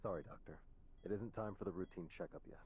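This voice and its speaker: A man voicing a gruff officer on guard duty in a game, speaking low and mumbling sleepily through muffled game audio. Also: fast talker. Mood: drowsy.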